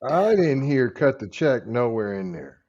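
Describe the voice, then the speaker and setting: A man co-hosting a podcast, drawling and joking, his pitch swooping widely. He talks slowly, and the recording sounds dull and lo-fi. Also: very animated, a little mellow. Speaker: podcast co-host. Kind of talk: casual reaction commentary.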